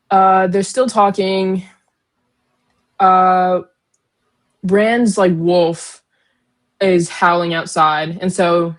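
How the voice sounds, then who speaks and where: Low-voiced young woman recapping a book. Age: young adult. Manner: animated retelling, filler-heavy, giggly. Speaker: podcast co-host. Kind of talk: casual book discussion.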